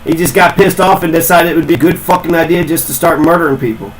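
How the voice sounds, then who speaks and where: A man's voice: fairly high pitch, fast talker, slight background noise, low-quality recording. A man ranting in a casual, rambling way, swearing a lot and repeating himself. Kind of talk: casual profane rant.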